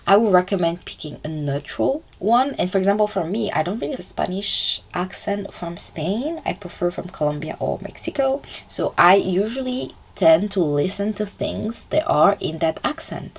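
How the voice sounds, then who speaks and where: Woman, gravelly voice, animated pitch, chatty vlog advice. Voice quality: chatty, loose grammar, fillers like "like" and "poof". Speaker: language learning vlogger. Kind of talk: casual advice to camera.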